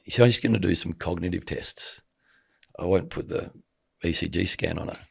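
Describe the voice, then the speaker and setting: A middle-aged man, a podcast guest who works as a sports commentator, tells a personal story in casual conversation with a deep, gravelly, husky voice at a slightly fast pace. He's a vivid storyteller who acts out the quoted dialogue as he goes.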